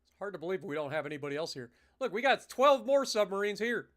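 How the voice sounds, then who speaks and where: Streaming a naval strategy game, a laid-back young man narrates his thinking at a quick pace, very animated, with a slightly higher-than-usual male voice that's a bit bright. He keeps clearing a slightly rough throat between lines and drops the odd swear word.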